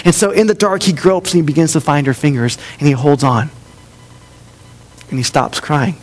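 A man preaching a sermon, telling a story and often dropping to a soft, gentle voice for quiet lines. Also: a little high, fairly even intonation, moderate pace. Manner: storytelling, drops softer for tender quoted lines. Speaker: pastor.

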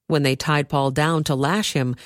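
A woman reading a Bible passage aloud in a steady, measured storytelling manner. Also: low-pitched, no room sound, clean studio sound. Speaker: scripture reader.

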